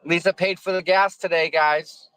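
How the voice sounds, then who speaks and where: Rambling live-streamer, male, high-pitched, dry close sound, chatting from his car. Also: steady tone, moderate pace, a bit bright, smooth, dry recording, rough recording. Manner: rambling, repeats words, thanks viewers effusively. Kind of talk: casual live-stream chat while driving. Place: car in traffic.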